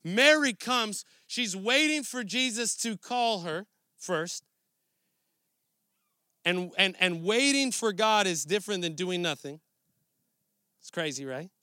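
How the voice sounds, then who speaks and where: A man's voice: high voice, expressive, takes it slowly, pauses often, sharp tone, no room sound, clean studio sound. A man preaching a sermon in a conversational, earnest way, often restarting his phrases. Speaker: pastor.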